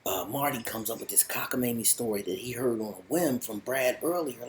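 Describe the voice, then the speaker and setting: A man's voice: fairly low pitch, fairly quick, hardly any pauses, slight background noise, poor audio. Slangy, rambling male show reviewer. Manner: animated, slangy, rambling storytelling. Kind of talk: casual spoken review.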